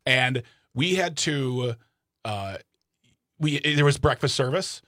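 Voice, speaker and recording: A man's voice: mid-range voice, expressive, slow pace, a bit bright, dry recording. A man co-hosting a talk radio show, joking and bantering casually in the studio. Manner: jokey, playful, chatty. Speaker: radio co-host. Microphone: studio microphone.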